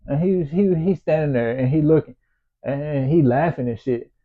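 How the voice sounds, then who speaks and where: A man's voice: on the high side, normal speed. A man telling a story from his own life in a loose, profane, slangy way. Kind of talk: casual personal storytelling. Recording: tinny phone-like sound.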